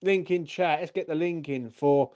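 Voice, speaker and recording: A man's voice: on the high side, moderate pace, a little mellow. Furious sweary man ranting. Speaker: fan channel host. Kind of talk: angry post-match livestream rant.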